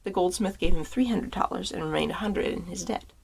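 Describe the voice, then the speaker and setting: A woman, an author, reading a fairy tale aloud in a calm, even storytelling manner. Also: lowish voice, a little fast, creaky.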